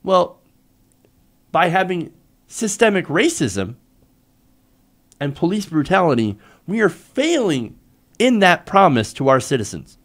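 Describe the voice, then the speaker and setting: A man hosts a live political talk show in an exasperated, sarcastic rant with plenty of swearing. His voice sits a little high, and his pitch leaps up and down as he presses each point. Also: very animated, measured pace, pauses often. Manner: exasperated, profane, sarcastic ranting. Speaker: political commentary show host.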